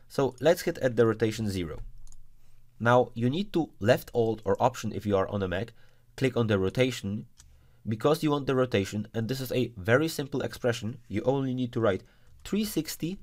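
A man teaching a screen-recorded software tutorial, giving methodical step-by-step instructions and now and then punctuating a result with a punchy exclamation. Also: medium pitch.

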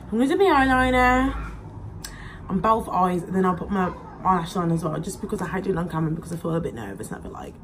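A woman's voice: lowish voice, expressive, quick pace, background noise. A young woman chats casually while doing her makeup at home, rambling with plenty of likes and ums. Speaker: beauty vlogger.

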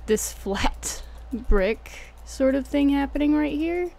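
A young Texan woman streams a game and gives casual, joking commentary, laid-back and slangy and swearing freely. Her voice sits high and sounds expressive and dark-toned, with vocal fry, and she talks slowly.

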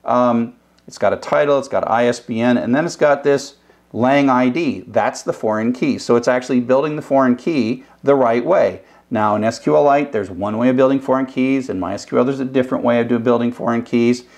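A man's voice: medium pitch, fairly quick, a little mellow. An older man teaching web programming in a recorded lecture. He explains casually and thinks aloud, with restarts. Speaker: programming instructor.

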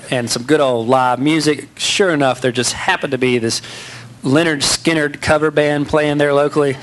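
A man's voice: mid-range voice, fairly bright tone. A man giving a candid, self-mocking storytelling speech to an audience. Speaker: speaker.

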